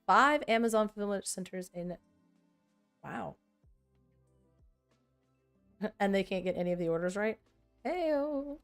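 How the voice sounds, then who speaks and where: A woman's voice: mid-range voice, expressive, slow pace, pauses often, clean tone, soft background music. A woman vlogger chatting casually and thinking aloud while she sorts trading cards, often poking fun at herself. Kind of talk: casual chat while working.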